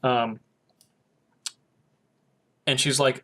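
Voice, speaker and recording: A podcast co-host with a medium-pitched voice talks at normal speed but pauses often as he recaps an episode's plot. He chats casually and animatedly, performing the characters' quoted lines.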